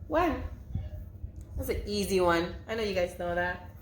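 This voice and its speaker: A woman's voice: medium pitch, measured pace, echoey room, a little hiss or hum. A woman teaching a circle-time lesson to young children, speaking in a patient, sing-song way and drawing out her words. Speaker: preschool teacher.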